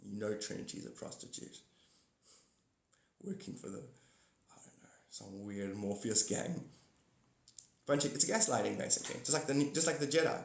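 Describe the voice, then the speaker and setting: Speaking at medium pitch and a moderate pace, this animated livestream host has vocal fry and takes long pauses as he giggles, drifts from topic to topic, and addresses viewers by name. His echoey room adds slight background noise.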